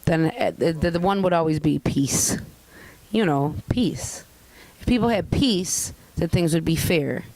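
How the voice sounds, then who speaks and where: A young woman chatting casually as an interview guest, candid and profane, telling stories with lively put-on voices. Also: deep voice, measured pace, poor audio. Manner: candid, profane, animated storytelling. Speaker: guest artist.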